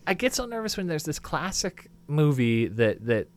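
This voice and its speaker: A man co-hosting a podcast in casual chat, animated and bouncy, acting out little quotes as he talks. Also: a little high, moderate pace. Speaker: podcast co-host.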